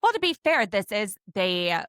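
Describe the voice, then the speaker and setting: Forties woman co-host for a casual recap chat; lively storyteller, dry booth-like recording. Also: medium pitch, normal speed, clear, resonant tone, no echo. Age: 40s. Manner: chatty, animated storytelling. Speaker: podcast co-host.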